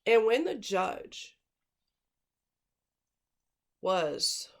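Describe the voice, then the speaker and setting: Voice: mid-range voice, big pitch swings, very slow. Blunt, scornful commentator; rambles, hammers points home by repeating words, ordinary mid-range voice. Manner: emphatic, repeats words for stress; rambling, with digressions and fillers. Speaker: true-crime commentator. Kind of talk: casual spoken commentary.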